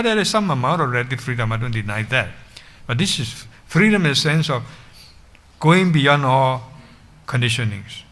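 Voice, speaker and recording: Bright-voiced monk giving a dharma talk. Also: male voice, mid-range voice. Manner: frequent restarts and checks with "Yeah?". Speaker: Buddhist monk and teacher.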